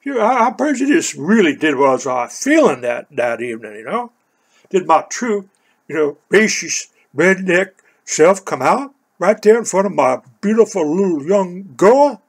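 An older man from California, hoarse, telling a rambling personal story full of "you know". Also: sits high, sing-song, normal speed. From Oakland, California.

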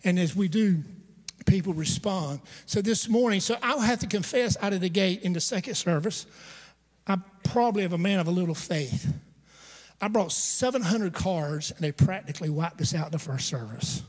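A man's voice: high-pitched, animated, normal speed, darkish tone. A pastor preaching a storytelling sermon to his congregation, conversational and humorous, with asides to the listeners. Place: church sanctuary. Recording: long church hall reverb.

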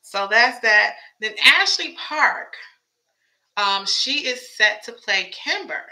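Chatty woman with a strained, bright voice. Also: a little high, lively intonation, slow pace, poor audio. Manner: chatty, wondering aloud, many rhetorical questions. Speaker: show commentator. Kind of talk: casual fan commentary vlog.

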